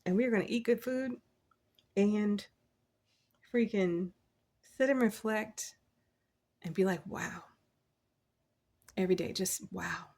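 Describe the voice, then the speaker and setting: A woman giving a casual, encouraging tarot reading, chatty and quick to laugh, quoting scripture as she talks. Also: medium pitch, dark tone. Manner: quotes scripture. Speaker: tarot reader.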